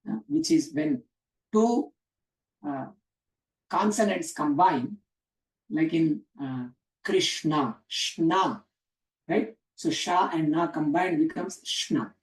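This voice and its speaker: A man's voice: high voice, recorded from a distance. A man teaching a class on Sanskrit grammar, explaining step by step and quizzing the students. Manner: explanatory, asks the class questions, frequent "uh" and "huh?". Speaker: teacher of scripture. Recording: echoey room, speaker away from mic.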